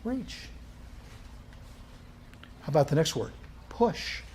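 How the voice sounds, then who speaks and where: Male instructor teaching a live class, lively pitch, keeps asking the room questions. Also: slow pace, slight background noise. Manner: quizzing the class with questions, animated.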